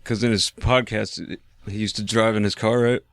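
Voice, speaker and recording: A man's voice: lowish voice, fairly even intonation, normal speed, a bit bright, no echo. A man co-hosting a podcast, making jokey asides and laughing often in casual chat. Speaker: podcast co-host.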